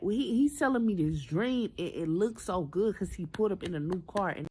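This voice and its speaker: A woman in her twenties telling a personal story in a chatty, animated storytime style, talking straight to her viewers. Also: lowish voice, normal speed, few pauses, breathy edge. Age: 20s. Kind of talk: casual storytime.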